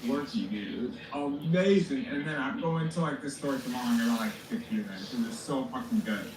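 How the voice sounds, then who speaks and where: A man's voice: mid-range voice, a little fast. Joking, profane man heard from afar. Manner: joking, profane, deadpan teasing. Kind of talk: casual chat. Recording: distant, roomy pickup with crowd noise.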